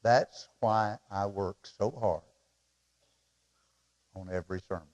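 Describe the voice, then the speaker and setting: This is a sermon from a middle-aged pastor whose pleading, emotional delivery swings from loud appeals to soft asides. The pitch is fairly low, the pace slow, and the highs are cut off in the audio.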